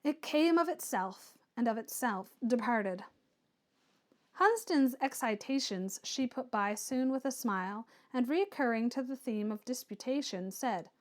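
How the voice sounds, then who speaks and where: A woman narrating a classic novel in a measured, even storytelling manner. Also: fairly high pitch. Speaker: audiobook reader. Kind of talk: reading a classic novel aloud.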